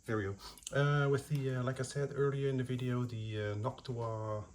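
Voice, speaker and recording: A man's voice: medium pitch, steady tone, moderate pace, slight background noise. A man casually narrating his PC build while filming on a handheld phone, talking in a rambling, hesitant way with many fillers. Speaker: PC building vlogger. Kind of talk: casual self-filmed narration. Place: indoors at home, sitting on the floor.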